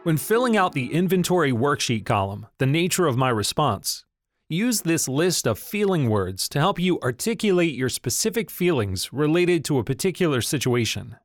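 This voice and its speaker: A reader slowly working through a list of feeling words from a recovery workbook, each word set apart by a pause. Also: medium pitch, very animated, no room sound, faint music behind. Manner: measured, list-like delivery with pauses between words. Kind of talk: slow scripted reading of a word list.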